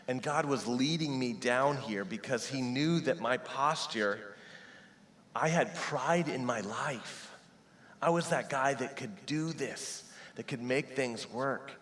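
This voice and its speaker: A man's voice: mid-range voice, a little slow, a bit bright, slight background noise. A man in his forties preaching a sermon as pastor, telling a personal story and acting out prayers and conversations. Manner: personal storytelling, acts out quoted prayers and dialogue. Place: church sanctuary. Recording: long hall reverb.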